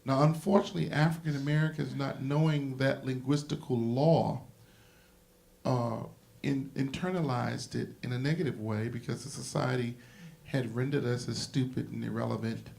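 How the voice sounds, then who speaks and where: A man's voice: mid-range voice, fairly even intonation, normal speed, gravelly, a little mellow. A man moderating a symposium panel, explaining ideas in an emphatic, lecturing way like a history teacher.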